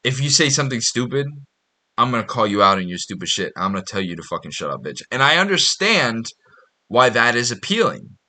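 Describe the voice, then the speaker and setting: A man's voice: medium pitch, very animated, a little fast, bright, forceful tone. A man hosting his own podcast, talking in a blunt, profane, rambling monologue with frequent restarts. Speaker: podcast host. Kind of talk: casual monologue.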